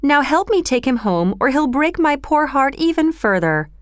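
A woman reading a storybook aloud, voicing a scheming young woman who pleads loudly and overacts. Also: high voice, big pitch swings, normal speed, dry recording, studio quality, voice pushed up. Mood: theatrical. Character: scheming young woman thief, loud and theatrical.

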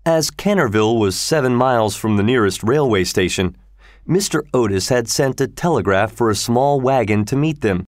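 Male storybook narrator, mid-pitched, steady and measured, dry booth sound. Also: no room sound. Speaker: audiobook narrator.

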